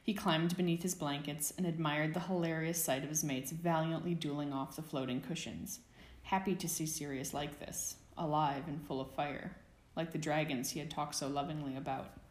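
Low-voiced woman, audiobook narration, roomy echo. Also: fairly even intonation, moderate pace. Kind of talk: fan fiction audiobook narration.

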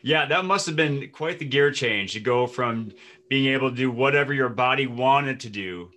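A man's voice: mid-range voice, moderate pace, sharp tone. A man hosting an interview, asking attentive, encouraging questions. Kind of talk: podcast interview.

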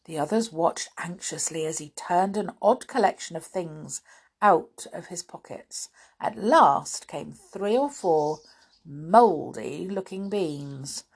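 A woman reading a children's storybook aloud, unhurried, breaking off for chatty asides to her listeners. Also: on the low side, breathy edge.

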